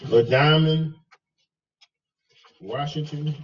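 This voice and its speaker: A male math instructor calling roll in class, halting and checking how names are pronounced. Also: a little high, breathy edge, recorded from a distance, highs cut off. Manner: slow, halting, checks name pronunciations.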